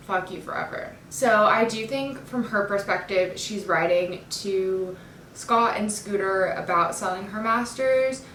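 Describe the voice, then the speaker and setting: A woman with a fairly bright voice, far from the mic, casually breaks down song lyrics with chatty enthusiasm and lots of fillers. She's a music fan dissecting an album. The room is echoey, her voice comes from off the mic, and a faint rumble sits underneath.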